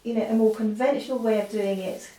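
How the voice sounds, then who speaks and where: A woman art teacher demonstrates at the easel, talking fast in a fairly high, warm voice with fairly even intonation. She's chatty, uses lots of fillers, and keeps apologizing in asides, while the distant mic picks up an echoey room and faint noise.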